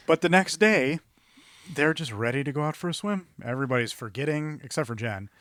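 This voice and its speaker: A man's voice: fairly high pitch, expressive, fairly quick, a bit bright, no room sound, clean studio sound. A man co-hosting a podcast, chatting casually and rambling through a movie recap with laughs. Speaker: podcast co-host. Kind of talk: casual movie review chat.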